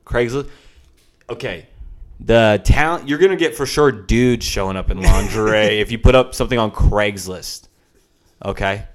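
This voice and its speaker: A man in his late twenties co-hosting a casual sports podcast, joking around with quick swings between mumbling and loud outbursts. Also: fairly low pitch. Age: late 20s. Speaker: podcast co-host.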